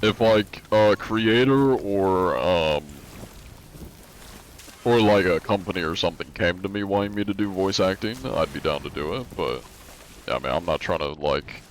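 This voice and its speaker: A man's voice: low-pitched, normal speed, a little hiss or hum, rough recording. A young American man streaming a game, chatting casually in a rambling, joking, crude way. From United States. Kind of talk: casual live-stream chat.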